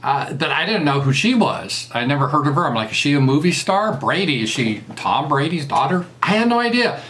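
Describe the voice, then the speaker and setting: A man's voice: fairly high pitch, sing-song, a little fast, a bit bright. A man with a Southern US accent doing a casual commentary monologue, mocking and crude, laughing at his own jokes. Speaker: political commentator.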